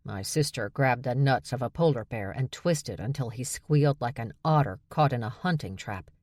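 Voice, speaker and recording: A woman's voice: animated, normal speed, darkish tone, no room sound, clean studio sound. A woman voicing Charlie, a blunt, exasperated heroine. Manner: exasperated, matter-of-fact, a touch higher. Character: blunt, sharp-tongued young woman shifter.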